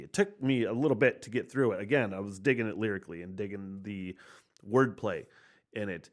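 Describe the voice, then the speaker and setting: A man hosting a podcast, reacting casually to a punk album, excitable and swearing often. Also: fairly low pitch, fairly quick. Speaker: podcast host reviewing an album.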